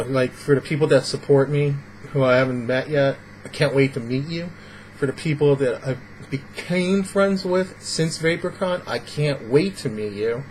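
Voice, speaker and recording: A man's voice: medium pitch, darkish tone, slight background noise, rough recording. A man giving casual, rambling advice in a vlog, acting out little example scenes. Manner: rambling, filler-heavy, acts out little scenes. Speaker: vlogger.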